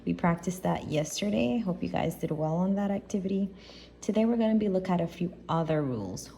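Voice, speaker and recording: A woman teacher giving a recorded grammar lesson, explaining patiently and deliberately and checking in with her students. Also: low voice, warm tone, a little hiss or hum.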